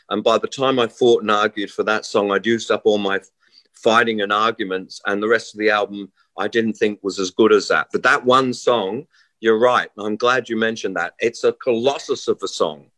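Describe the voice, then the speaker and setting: A middle-aged man, a musician, telling stories in a rambling, animated way in a casual interview. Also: on the low side, no echo. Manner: rambling, animated storyteller with many restarts and quoted voices. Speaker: musician guest.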